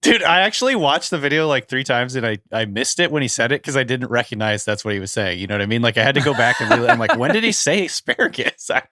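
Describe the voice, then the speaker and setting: A man co-hosting a fantasy football podcast, animated and quick to react with stats. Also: mid-range voice, no echo, clean studio sound. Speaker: podcast co-host. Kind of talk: casual sports podcast chat.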